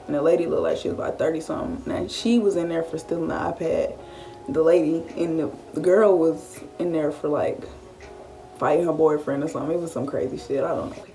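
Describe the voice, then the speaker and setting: A late-teen woman tells a story-time vlog in a casual, animated way, swearing freely and often acting out what she was thinking. Her voice is low and a little fast, she's far from the mic, and faint music plays behind her.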